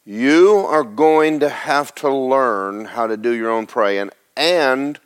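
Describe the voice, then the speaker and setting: This preacher speaks in a smooth, medium-pitched voice, delivering his sermon in an everyday, conversational way. He reads scripture aloud, then explains it, posing rhetorical questions and repeating words for emphasis.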